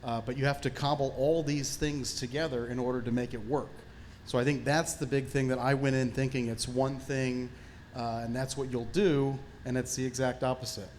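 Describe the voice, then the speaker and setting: Male actor-comedian, panelist, animated storyteller, middle pitch, faint background hiss. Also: normal speed. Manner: animated anecdotes with frequent fillers. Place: film festival panel.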